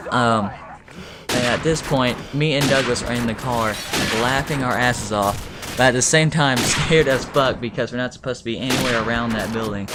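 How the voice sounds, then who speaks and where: A man's voice: mid-range voice, heavy background noise. A man casually telling a story over gameplay, rambling with lots of fillers and swearing. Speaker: gaming video storyteller. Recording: loud game gunfire behind. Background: video game gunfire.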